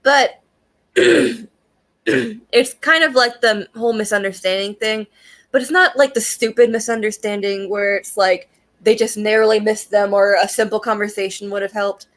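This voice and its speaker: A woman's voice: medium pitch, measured pace, a bit bright. Chatty, profane young woman reviewer. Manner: chatty and profane, with frequent fillers and laughs. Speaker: anime reviewer. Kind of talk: casual spoken review.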